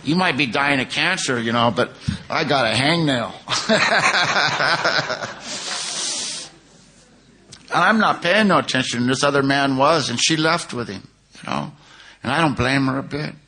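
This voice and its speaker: Earnest middle-aged man with a bright voice. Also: mid-range voice, animated, measured pace, pauses often, a little hiss or hum. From California. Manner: earnest, conversational, frequent "you know". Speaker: speaker sharing his story at a recovery conference. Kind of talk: personal recovery talk.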